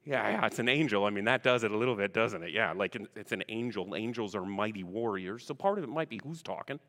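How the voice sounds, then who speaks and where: A man's voice: lowish voice, lively intonation, fast, fairly bright tone. A man preaching a sermon as pastor, chatty and full of questions to the congregation, greeting online viewers by name. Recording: long reverb of a large room.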